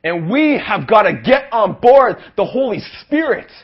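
A young Canadian man preaching an energetic sermon at a youth rally, calling for amens and rising to shouts. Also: sits high, a little slow, husky, dull audio. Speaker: pastor.

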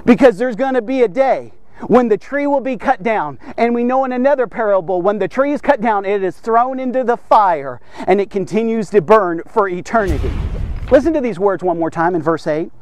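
A man delivering a devotional sermon in a very high voice. He preaches with insistent emphasis, repeating himself and tossing in "okay?" over and over. The sound is close and dry. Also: animated, fairly quick, a little mellow, no echo. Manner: emphatic, repetitive, frequent "okay?".

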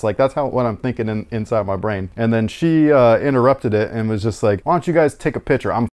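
A man's voice: medium pitch, expressive, fairly quick, darkish tone. A man from Sacramento co-hosting a podcast, telling a story in a casual, profane, self-mocking way with many restarts. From Sacramento, California. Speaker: podcast co-host.

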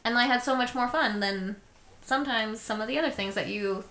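Bright chatty woman saying "like" a lot. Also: on the high side, fairly quick. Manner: chatty, says "like" constantly. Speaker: podcast co-host. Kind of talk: casual podcast chat. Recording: echoey room, faint music.

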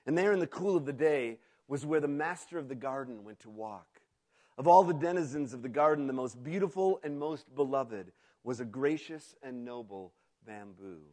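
A man's voice: medium pitch, lively intonation, normal speed, darkish tone. A man preaching a sermon, an earnest pastor who reads a story aloud to his congregation.

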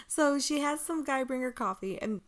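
A woman co-hosting a podcast in casual chat. She laughs often and rambles, with lots of "like" and restarts. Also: sits high. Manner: giggly, rambling, full of "like" and restarts. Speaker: podcast co-host. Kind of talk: casual chat recapping wrestling.

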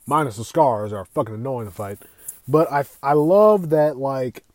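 A young man hosting a casual gaming podcast, talking in an excitable, profane, rambling way. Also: mid-range voice, no echo. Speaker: podcast host.

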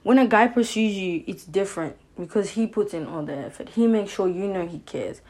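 A young woman hosting her own podcast gives casual relationship advice, talking directly to listeners about dating in a firm, opinionated way and often asking "you know what I'm saying." Her mid-range voice is mellow and warm rather than bright, and she speaks fairly quickly in a loose, animated style.

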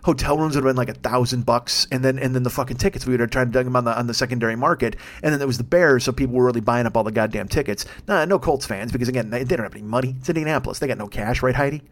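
Male podcast host, solo, quick and profane, self-mocking, stumbles and restarts a lot. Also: medium pitch. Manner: profane, rambling, self-deprecating; frequent restarts and stammers. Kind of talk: casual solo monologue.

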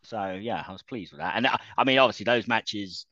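A man's voice: fairly low pitch, brisk, sharp tone, no echo, lo-fi sound. A man chatting casually about wrestling as a podcast co-host, laughing often and restarting his sentences.

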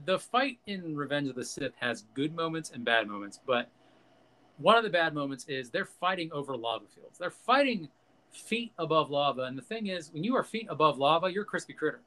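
A man riffs on a casual podcast, ranting, swearing and acting out lines for laughs. His voice sits a little high and he talks off the cuff. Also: very animated, a little fast, sharp tone. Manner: ranting, profane, jokey, acts out quotes. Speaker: podcast host.

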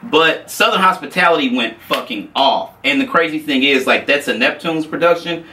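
A man's voice: on the high side, normal speed, far from the mic, slight background noise, poor audio. A man telling a story casually, swearing freely and acting out the other people in it. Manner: animated, profane, acts out quotes.

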